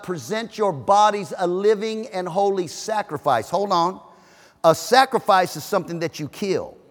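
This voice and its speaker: A man preaching a sermon as pastor, emphatic and joking, with shouted peaks. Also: high voice. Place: church auditorium. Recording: reverberant hall.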